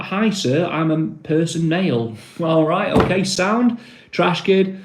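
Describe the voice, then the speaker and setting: A man's voice: a little high, expressive, unhurried, a little mellow, roomy sound, a little hiss or hum. A man with a northern English accent hosting a casual phone livestream, chatting loosely and reading viewers' comments aloud. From northern England. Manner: chatty, rambling, reads viewer names aloud. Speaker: livestream host. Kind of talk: casual live-stream chat reading comments.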